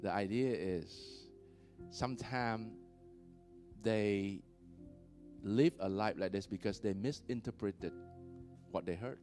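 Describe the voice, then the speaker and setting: A male pastor preaching a sermon in church, animated, laughing often and checking in with the congregation. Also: lowish voice, slow pace, pauses often, soft background music.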